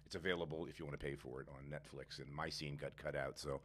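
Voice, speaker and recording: A man in his sixties, a chef guest in a casual podcast interview, telling animated stories. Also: fast talker. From United States. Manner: animated storyteller, jumps up in pitch when indignant.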